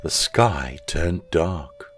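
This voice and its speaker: A man, a school chaplain, narrating a children's story in an expressive storytelling manner. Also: low-pitched, drawn-out words, faint music behind.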